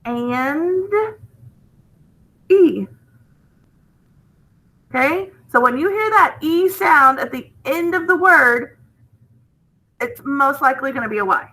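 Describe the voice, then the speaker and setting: A woman's voice: sits high, lively intonation, slow pace, pauses often, pushed and bright. A woman teaching a phonics lesson, explaining step by step and checking in with "okay?".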